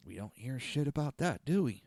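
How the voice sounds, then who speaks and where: A man hosting a talk podcast, delivering a blunt, crude monologue that swings between loud ranting and low, muttered asides. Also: big pitch swings, fairly quick, breathy edge, dry recording, clean studio sound. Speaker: podcast host. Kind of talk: opinionated talk show monologue.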